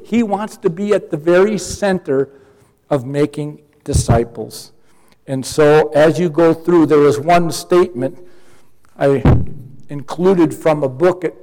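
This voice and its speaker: High-voiced preacher in a reverberant hall. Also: male voice, a little mellow. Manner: explains Greek and Spanish grammar patiently, earnest and emphatic. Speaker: pastor. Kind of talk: sermon.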